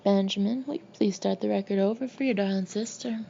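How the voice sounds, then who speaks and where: Woman voicing a teenage girl, exaggerated Southern drawl, syrupy, gravelly undertone, dull lo-fi audiobook. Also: medium pitch, brisk, warm tone, slight background noise, lightly acted. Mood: mock-sweet.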